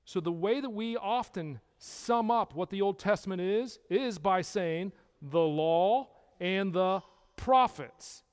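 Male Bible teacher, high voice, emphatic, asks the room questions, long hall echo. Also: slow pace, smooth. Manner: emphatic, with rhetorical questions to listeners.

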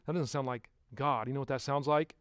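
A man preaching a sermon as pastor, putting rhetorical questions to the congregation and swinging from hushed to loud. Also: mid-range voice, steady tone, a little fast, no room sound.

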